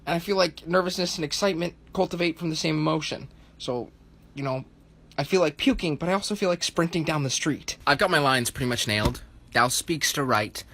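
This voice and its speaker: A man's voice: fairly high pitch, fast talker, fairly bright tone. A young man in his twenties vlogging casually to camera from a tiny apartment, upbeat and self-mocking. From United States. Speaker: TikTok vlogger. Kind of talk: casual vlog narration to camera. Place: tiny New York City apartment.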